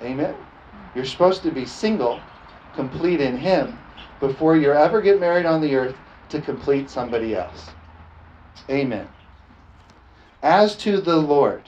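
A man preaching with a slightly high voice, animated and chuckling as he throws "amen?" back at the congregation. The sound is a little dull, with faint room hum underneath. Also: a little slow, long pauses. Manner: animated, chuckling, frequent call-and-response "amen?". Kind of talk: sermon. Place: church service, also streamed online.

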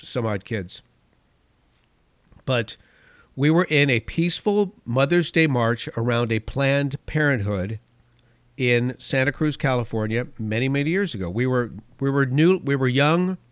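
A man's voice: medium pitch, no room sound. A middle-aged man hosting his own opinion podcast, talking emphatically and wandering off on tangents as he shares stories. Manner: rambling, emphatic, goes off on tangents. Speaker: podcast and radio host.

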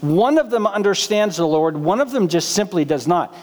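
A man's voice: sits high, animated, normal speed, a little mellow, big-room sound. A male pastor preaching a sermon in a humorous, conversational way, throwing questions to the congregation. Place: church sanctuary.

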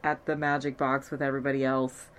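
A woman's voice: rumbling low, flat delivery, fast talker. A young woman talking casually and candidly about a TV show, swearing freely. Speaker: TV episode recapper. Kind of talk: casual chat.

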